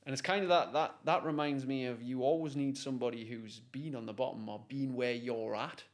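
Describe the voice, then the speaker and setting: A man tells a story as a guest in a conversation. He is animated and pulls listeners in, with a middle-pitched voice. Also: a little fast. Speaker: guest, motivational speaker.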